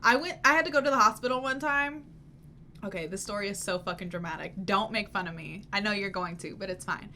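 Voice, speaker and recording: A woman's voice: medium pitch, fast, pushed and bright, a little hiss or hum. A young woman hosting a reaction video, telling a self-mocking story in casual talk and swearing freely. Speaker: reaction channel host.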